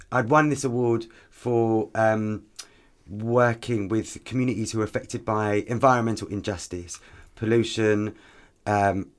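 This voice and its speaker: A man, a podcast guest and activist, telling stories in an animated, chatty way with frequent ums. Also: fairly low pitch. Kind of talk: conversational podcast interview.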